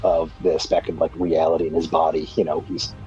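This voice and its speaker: A man's voice: a bass voice, little pitch movement, fairly quick, mellow, husky, faint music behind. A man playing a tabletop game, describing a scene imaginatively and rambling with fillers. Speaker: player. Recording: dull lo-fi mic.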